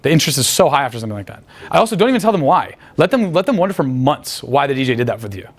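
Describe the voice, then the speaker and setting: A man's voice: medium pitch, sing-song, rapid-fire. A man telling crude, boastful, rambling stories full of profanity in a casual interview. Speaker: guest talking about picking up women.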